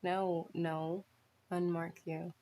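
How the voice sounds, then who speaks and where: A woman's voice: on the low side, level tone, very slow, warm tone. A woman vlogging casually to her viewers, dismayed and laughing through her frustration. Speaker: crafting vlogger.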